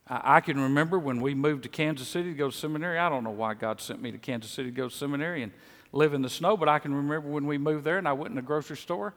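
A man's voice: fairly high pitch, very fast, fairly bright tone. A middle-aged man with a Southern US accent preaching a sermon in a conversational way, often repeating words as he starts a sentence. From Mississippi. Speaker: pastor. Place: church sanctuary. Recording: long echo of a large church hall.

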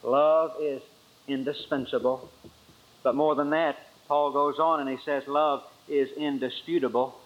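A man preaching a sermon with emphatic delivery, swinging from high forceful lines to low quiet ones. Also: steady tone, unhurried. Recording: dull lo-fi sermon recording.

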